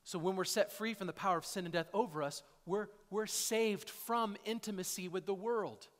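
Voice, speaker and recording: A man's voice: high voice, normal speed. A male pastor preaching a sermon in a church, talking conversationally and often tagging his points with "right?" or "okay?". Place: church sanctuary. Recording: echoey hall.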